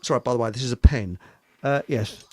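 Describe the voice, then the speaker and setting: A man's voice: mid-range voice, fairly quick, dry recording. A middle-aged man, hosting a live online show in a rambling, jokey chat and laughing at his own jokes. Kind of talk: casual chat.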